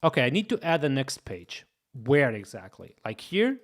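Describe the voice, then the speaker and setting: Live-streaming as he codes, a young man speaks at normal speed in a medium-pitched voice with big pitch swings. He casually thinks aloud, repeats himself, and talks right to his chat.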